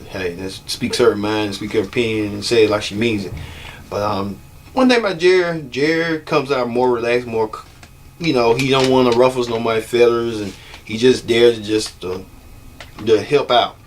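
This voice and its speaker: Low-voiced casual male host. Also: slight background noise. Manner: loose and chatty, laughs often. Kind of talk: casual commentary.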